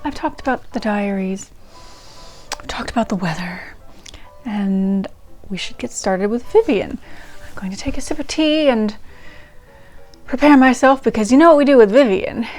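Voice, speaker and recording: A woman's voice: a little high, normal speed, darkish tone. A woman hosting a diary-reading channel, chatting to viewers in a rambling way. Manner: rambling and chatty, with many ums and restarts. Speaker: host reading old diaries. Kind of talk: casual chat to viewers. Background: faint ragtime music.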